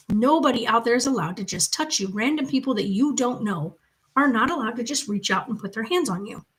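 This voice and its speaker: A woman's voice: fairly high pitch, rough recording. A woman, a grandmother, talking in a casual vlog, chatty and telling stories, turning firm when she makes a point. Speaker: vlogger and grandmother.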